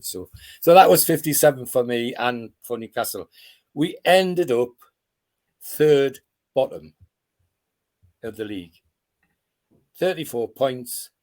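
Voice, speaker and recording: A man's voice: medium pitch, darkish tone. A man, a former footballer who reminisces in a rambling way, with restarts and chuckles, over a video call. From Tyneside, North East England. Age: 80s. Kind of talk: casual reminiscing interview.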